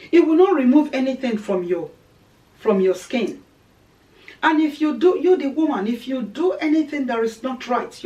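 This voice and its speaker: A woman's voice: a little high, warm tone, recorded from a distance, rough recording. A woman giving earnest, preaching-style marriage advice, repeating her key phrases for emphasis. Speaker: Christian teacher on marriage.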